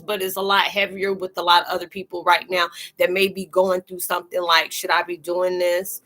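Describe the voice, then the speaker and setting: A woman's voice: lowish voice, level tone, a little fast, few pauses, sharp tone, poor audio. A woman hosting a live-stream spiritual chat, close to tears and speaking earnestly and colloquially to her viewers by name. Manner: colloquial, fillers and restarts, calls listeners sweetie.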